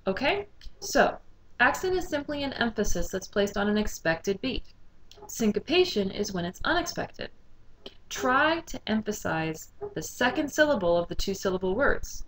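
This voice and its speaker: A woman teaching a recorded music lesson, explaining rhythm clearly and singing short phrases to demonstrate. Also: mid-range voice, very animated, normal speed, background noise.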